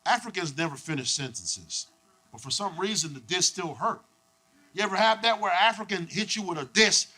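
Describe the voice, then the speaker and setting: A man doing a stand-up comedy set on a club stage, animated and profane, acting out people in his stories. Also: high voice, moderate pace. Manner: animated, profane, acts out voices.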